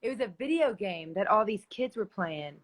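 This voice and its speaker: A woman's voice: medium pitch, animated, normal speed. A woman hosting a casual live stream chat, enthusiastic and rambling. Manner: enthusiastic, rambling, searches for words.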